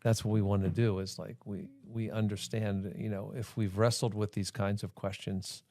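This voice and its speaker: A man's voice: on the low side, flat delivery, normal speed, a little mellow, no room sound. A man hosting a church podcast, talking in a casual, rambling way full of fillers. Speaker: podcast host.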